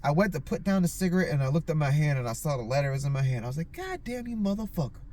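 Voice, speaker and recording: A man with a slightly higher voice telling casual stories as a podcast host. He rambles, swears constantly and stuffs his sentences with "like". When he quotes himself, his voice jumps up in pitch. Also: rapid-fire, a little mellow. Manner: rambling and heavily profane, lots of filler "like". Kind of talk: casual storytelling.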